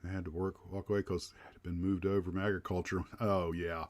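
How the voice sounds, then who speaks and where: An American man hosts a casual livestream chat in a low, level voice, talking fast. He rambles, with lots of fillers and restarts.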